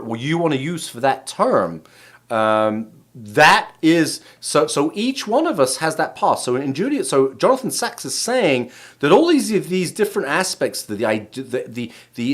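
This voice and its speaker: A middle-aged man, a rabbi from England, giving a casual spoken lesson in a rambling way, full of restarts and tag questions. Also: mid-range voice. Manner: rambling, many restarts, keeps asking "right?". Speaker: rabbi and show host.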